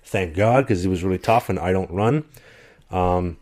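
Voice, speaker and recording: A man with a fairly low voice tells a long story in relaxed, conversational talk. He is animated and lively, and he slips into other people's voices as he quotes them. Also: normal speed. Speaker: guest telling a travel story. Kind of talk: casual storytelling.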